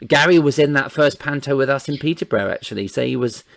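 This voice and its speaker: A man hosting a relaxed chat, his voice gravelly with a bit of fry. The sound is dry and close, with no room around it. He talks casually and laughs often between stories. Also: mid-range voice, fast, no echo. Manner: chatty, laughs often, reminiscing. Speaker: podcast host.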